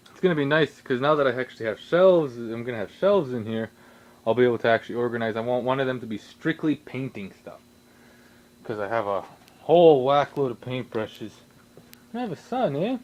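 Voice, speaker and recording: A young man rambling casually in his home workshop, swearing a lot and breaking into sudden loud outbursts. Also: medium pitch, lively intonation, normal speed, long pauses, muffled recording. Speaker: vlogger.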